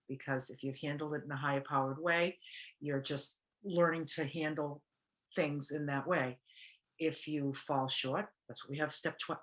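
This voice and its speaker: Bright-voiced woman sharing recovery reflections. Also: low voice. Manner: animated storyteller, acts out quotes. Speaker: podcast co-host. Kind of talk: casual recovery talk.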